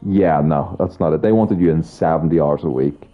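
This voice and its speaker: A young man with a bass voice talks to his stream chat at a moderate pace, swearing heavily while telling animated, rambling stories. The sound is slightly dull, with faint music in the background.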